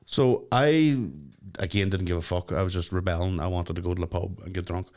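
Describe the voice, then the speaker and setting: Low-voiced man chatting. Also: brisk, a little mellow. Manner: swearing, joking, reads listener questions. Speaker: podcast co-host. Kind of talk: casual chat.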